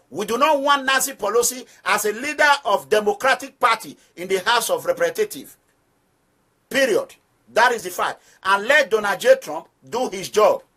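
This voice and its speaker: A Nigerian-accented man with a high, bright, forceful voice leads an activist movement. He speaks directly to his listeners in a preaching style, offering emphatic political commentary and repeating phrases for stress.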